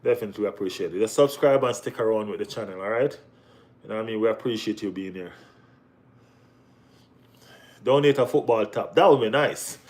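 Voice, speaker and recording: A young man hosting a casual live football chat, often saying "you know what I mean" and jumping to high, excited exclamations. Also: fast talker.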